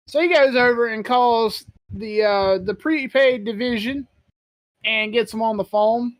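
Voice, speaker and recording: A woman hosting a podcast, telling a story in casual chat, animated and profane, acting out what others said. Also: fairly high pitch, unhurried, no room sound. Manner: animated storyteller, swears freely, acts out quotes; laughs while telling. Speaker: podcast host.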